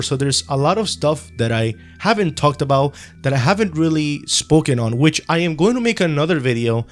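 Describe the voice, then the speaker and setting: Rambling young man with a Spanish accent. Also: mid-range voice. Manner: rambling, relaxed, slangy, with frequent ums and self-corrections. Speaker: anime commentary youtuber. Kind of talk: casual opinion monologue.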